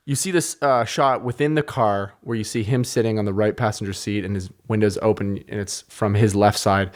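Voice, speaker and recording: A male podcast host talking in loose, casual chat, with a middle-pitched voice. He rambles and swears freely, and he pokes fun at himself as he goes. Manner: rambling, profane, self-mocking.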